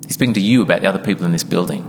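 Earnest preacher in a reverberant church. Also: male voice, deep voice, racing, noisy background. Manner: earnest and emphatic, acts out congregation members in quoted asides. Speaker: pastor. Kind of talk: sermon. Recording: church hall with long reverb.

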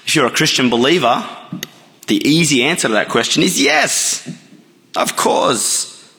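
A man preaching a sermon, measured and storytelling, with lots of rhetorical questions. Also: fairly high pitch, very animated, creaky, bright, forceful tone, long reverb tail.

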